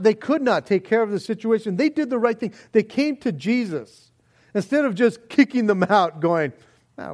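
A man preaching a sermon in a joking, animated way, acting out little prayers and voices as he goes. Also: sits high. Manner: animated, jokey, acts out quoted prayers and voices. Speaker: pastor.

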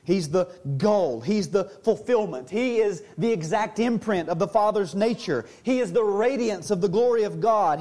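A man preaching a sermon, earnest, slowing down and dropping his voice low to stress key lines. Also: dark tone. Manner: earnest preaching, slows and drops low for emphasis. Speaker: pastor.

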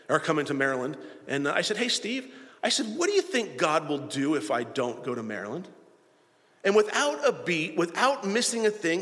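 A man preaching a sermon, his voice rising and falling with lively emphasis as he asks the congregation question after question. He speaks fairly high, and his words ring out in a reverberant hall. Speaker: pastor.

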